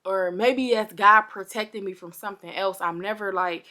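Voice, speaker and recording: A young woman telling a storytime vlog to her viewers, chatty and animated, a little parched and under the weather. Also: mid-range voice, moderate pace, hardly any pauses. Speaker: vlogger.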